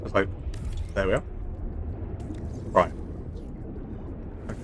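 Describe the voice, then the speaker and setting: A man's voice: medium pitch, big pitch swings, normal speed, long pauses, a bit bright, slight background noise. A man from England casually chatting through a game stream, playful and chatty, throwing in silly sound effects. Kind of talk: casual gameplay commentary.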